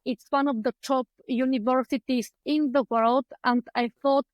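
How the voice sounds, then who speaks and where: A woman with an Eastern European accent talks on a video call from a book-filled room at home. Her voice sits high, and the sound is close and dry. She tells her story chattily, filling gaps with ums and playing out her own past thoughts. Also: steady tone, moderate pace, no room sound, muffled recording. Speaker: guest, clinical psychologist. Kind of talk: conversational interview storytelling. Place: home room lined with books.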